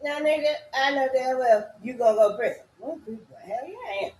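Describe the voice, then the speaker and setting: A woman's voice: high-pitched, a little fast, darkish tone, a little hiss or hum. Woman, rambling monologue, sing-song chanting, abrupt cursing outbursts, echoey room.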